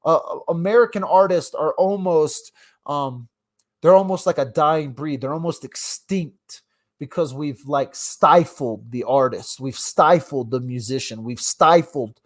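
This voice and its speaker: Ranting dad on a phone livestream. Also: male voice, on the high side, a little slow. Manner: ranting, swings between loud outbursts and mumbled asides. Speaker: livestream host. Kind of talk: casual live-stream rant.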